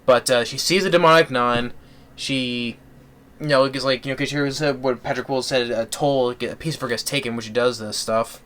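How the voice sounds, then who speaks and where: Rambling man reviewing a movie, smooth voice. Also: mid-range voice, fairly even intonation, moderate pace, a bit bright. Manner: rambling, with many fillers and restarts. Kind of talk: casual spoken film review.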